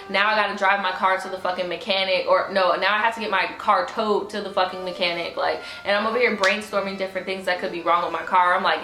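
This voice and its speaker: A woman tells a storytime vlog in a loose, animated, profane ramble, her voice sitting in a mid range. The room rings with echo, and faint music plays underneath. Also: medium pitch, brisk. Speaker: vlogger. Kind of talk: casual storytime.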